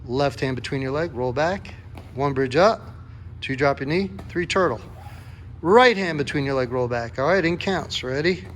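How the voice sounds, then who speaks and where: A man's voice: on the high side, lively intonation, moderate pace, slight background noise. A man coaching a kids' jiu-jitsu class, calling out counts and encouraging a young helper. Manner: upbeat, encouraging, calls out counts.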